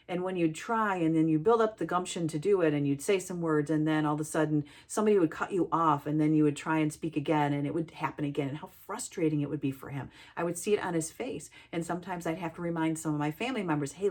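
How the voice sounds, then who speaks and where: Low-voiced earnest woman sharing a story. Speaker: healthcare worker. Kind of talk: reflective personal talk.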